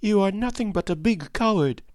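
Guy doing a high girly voice for a brave little girl, scolding, storybook read. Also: very animated, moderate pace, darkish tone, no room sound, clean studio sound. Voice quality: high, girlish put-on voice. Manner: scolding and earnest. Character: young girl, brave and indignant. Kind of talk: audiobook reading.

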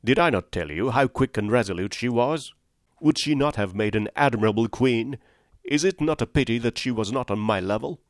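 A man voicing an excitable, vain middle-aged king who speaks in effusive exclamations. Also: mid-range voice, moderate pace, no echo, studio quality, lightly acted.

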